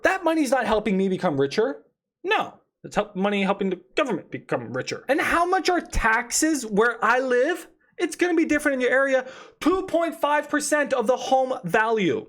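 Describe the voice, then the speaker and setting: A man with a high voice teaches home-buying costs, swinging from calm explanation to loud exclamations. He works through each calculation aloud as he goes. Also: normal speed. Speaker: real estate investor explaining finances. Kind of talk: explanatory money lesson.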